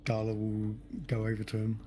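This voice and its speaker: Male tabletop player; lower voice, hesitant, filler-heavy. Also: monotone, moderate pace, dark tone. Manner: hesitant, laughs often. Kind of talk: casual tabletop play.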